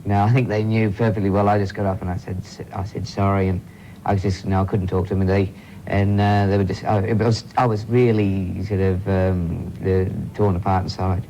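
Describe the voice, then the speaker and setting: Brief: Australian male jockey guest, fairly low voice, hesitant and modest. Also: level tone, mellow, a little hiss or hum, rough recording. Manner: halting, self-correcting, modest. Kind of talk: studio interview.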